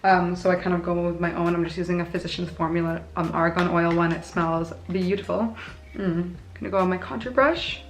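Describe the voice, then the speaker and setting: A woman's voice: fairly low pitch, steady tone, a little fast. Young female beauty vlogger, chatty and self-deprecating, casual tutorial talk. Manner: chatty, bubbly, self-mocking asides.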